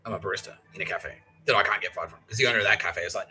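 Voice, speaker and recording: An Australian podcast host in his thirties tells a rambling, profane story, acting out the other people's lines and laughing often. His lowish voice races along, bright and forceful. Soft music plays behind a low-quality recording.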